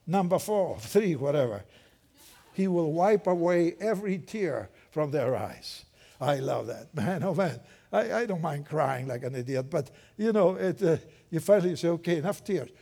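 An older man preaching a sermon in a lively, conversational way with joking asides. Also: fairly high pitch, moderate pace, vocal fry, slightly rough.

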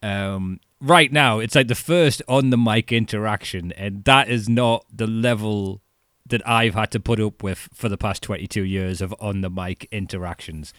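A man's voice: lowish voice, moderate pace, fairly bright tone, no room sound, studio quality. A man chatting animatedly about wrestling, laughing and swearing as he talks. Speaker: wrestling fan co-host. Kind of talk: casual chat.

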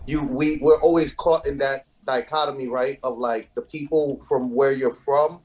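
A man's voice: medium pitch, fairly even intonation, normal speed, a little mellow. New male co-host, earnest, slangy. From New York. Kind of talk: casual interview chat.

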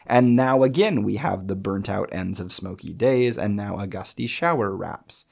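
A man explaining poetic meter with animated enthusiasm, reading lines of verse aloud and breaking them down. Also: fairly low pitch, moderate pace, creaky. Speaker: poetry lecturer.

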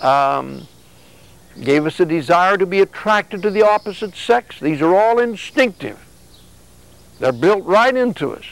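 High-voiced man preaching conversationally. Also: lively intonation, measured pace, gravelly, no room sound, poor audio. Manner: conversational preaching with acted-out exchanges. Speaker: religious speaker. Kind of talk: sermon.

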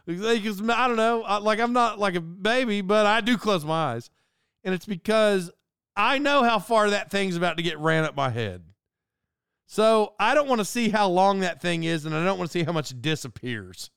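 Animated, rambling man telling stories. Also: high-pitched, moderate pace, creaky, clean tone, no room sound, studio quality. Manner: rambling storyteller, animated and self-mocking. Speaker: podcast host. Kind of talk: casual monologue.

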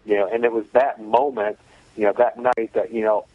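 A man's voice: fairly low pitch, little pitch movement, moderate pace, dry recording, lo-fi sound. A man telling a personal story in a casual, matter-of-fact way, with many "you know" fillers.

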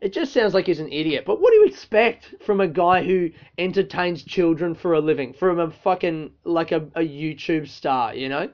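A man's voice: on the high side, expressive, moderate pace, few pauses. A man, a comedian, ranting casually and profanely with lots of filler words. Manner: profane, rambling rant with many fillers. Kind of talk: casual monologue. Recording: dull lo-fi recording.

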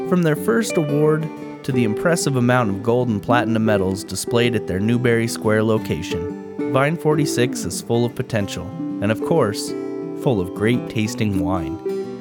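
A man hosting a podcast, reading a scripted intro in an upbeat, promotional manner. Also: mid-range voice. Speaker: podcast host.

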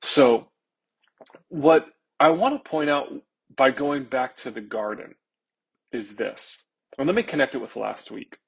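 Male pastor, earnest sermon delivery, gravelly and husky tone. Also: mid-range voice, low-quality recording. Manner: earnest, stretching key words slowly for emphasis.

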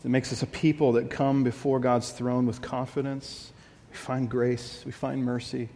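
Male pastor, mid-pitched, earnest confessional sermon, recorded with long hall reverb. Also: flat delivery, normal speed, hardly any pauses, warm tone, slight background noise. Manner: earnest, confessional preaching with repeated phrases.

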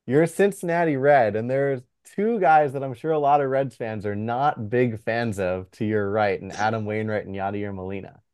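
A male co-host with a smooth, resonant voice puts an upbeat question straight to his guest. The sound is dry and close, with no room echo. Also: mid-range voice, moderate pace, hardly any pauses, darkish tone. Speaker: podcast co-host. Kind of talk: casual interview.

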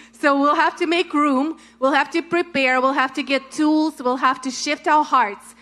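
A woman's voice: sits high, steady tone, measured pace, a bit bright. A woman preaching in a casual, encouraging way, full of "like" and "right?". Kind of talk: conversational sermon.

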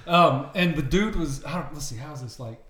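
A man's voice: on the high side, animated, normal speed, reverberant, a crowd in the background. A man co-hosting a casual podcast chat, crude and profane, teasing the others. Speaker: podcast co-host.

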